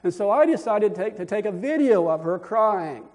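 An older man with a fairly high-pitched voice delivers a homespun sermon. He rambles warmly through anecdotes, chuckling at his own jokes and restarting his sentences as he goes. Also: animated, normal speed. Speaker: preacher. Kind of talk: folksy storytelling sermon.

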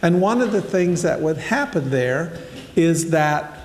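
In an echoey hall, an older man preaches informally, first reading from scripture, then explaining it like a story and addressing his audience head-on. He speaks a little slowly, his fairly high voice expressive, with slight background noise.

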